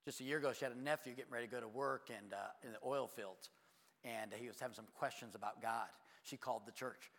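A man delivers a sermon from the pulpit, moving between plain storytelling and sudden loud, high bursts. His voice is bright and forceful. Long reverb from the church hall trails behind every phrase. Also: fast talker. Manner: animated storytelling preacher, jumps to loud high exclamations. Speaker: pastor.

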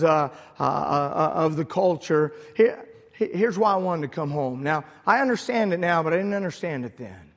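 A middle-aged man, a pastor, preaching a sermon and telling a personal story with emotion, at times rising to shouted prayer. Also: on the high side. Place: church sanctuary. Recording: long hall reverb.

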